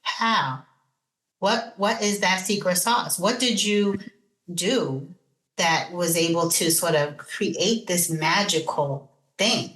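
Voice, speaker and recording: A woman's voice: fairly low pitch, slow pace, a bit bright, roomy sound, poor audio. A woman co-hosting a podcast interview, asking heartfelt, engaged questions. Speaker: podcast co-host. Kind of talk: casual interview conversation.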